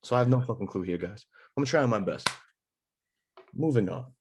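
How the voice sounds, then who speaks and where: A man's voice: fairly low pitch, animated, moderate pace, background noise. A young man hosting a podcast, chatting in a laid-back, slangy, joking way. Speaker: podcast host. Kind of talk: casual chat.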